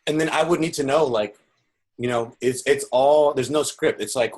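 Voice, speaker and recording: Husky guy explaining sales steps over a video call, earnest. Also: mid-range voice, normal speed, darkish tone. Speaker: marketing instructor. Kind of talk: teaching sales with role-play.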